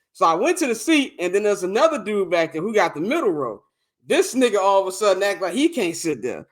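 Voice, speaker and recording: A young man with a high voice and a quick pace co-hosts a podcast, casually spinning a long, profane story. He's animated and plays out the other people's parts, performing their exchanges.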